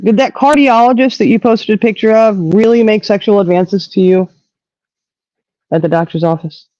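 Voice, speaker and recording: A woman hosting a casual live-stream chat, sounding indignant and animated and cursing without a second thought. Her voice is dark and mellow. The recording is dry and a little dull. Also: mid-range voice, normal speed, no room sound. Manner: indignant, animated, swears freely. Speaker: host.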